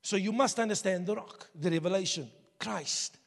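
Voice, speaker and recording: Male pastor, high-pitched, passionate sermon delivery, long hall reverb. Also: normal speed, creaky. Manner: passionate, rising to shouts, conversational asides. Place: church hall.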